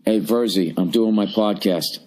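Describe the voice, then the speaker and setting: Podcast host, man in his forties, low-pitched, profane ranting monologue from a hotel room. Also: moderate pace, background noise. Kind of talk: solo comedic podcast rant.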